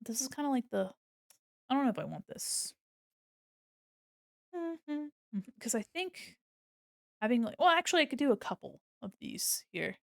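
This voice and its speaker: A woman's voice: a little high, big pitch swings, normal speed, vocal fry, pauses often, no room sound, studio quality. A woman streamer chatting casually while she draws, giggly and gushing, breaking into laughter often. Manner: gushing and affectionate. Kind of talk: casual livestream chat while drawing.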